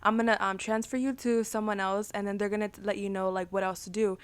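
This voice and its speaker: A woman's voice: mid-range voice, flat delivery, fast talker, clear, resonant tone, no echo. Young woman, casual podcast co-host, swears freely, dry close recording. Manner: casual, swears, repeats "like" and "blah, blah". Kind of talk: casual storytelling.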